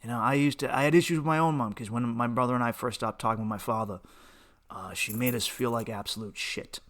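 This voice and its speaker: A man's voice: mid-range voice, fast talker, fairly bright tone. A young man, hosting a podcast as a candid personal monologue, profane and impassioned, with restarts and rising outbursts. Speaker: podcast host.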